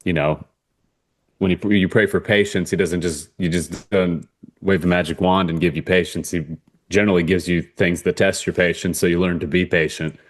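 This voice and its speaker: A man's voice: sits low, fairly even intonation, moderate pace. A man hosting a podcast, talking in a reflective, casual way full of fillers and repeated words. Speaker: podcast host. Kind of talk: casual conversation.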